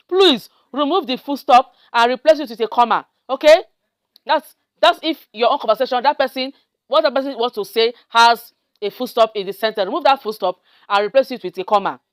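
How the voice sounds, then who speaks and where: A woman's voice: a little high, clear, resonant tone, no room sound, studio quality. A woman hosting a step-by-step screen tutorial, often checking in with her viewers. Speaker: tutorial host. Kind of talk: screen-recorded software tutorial.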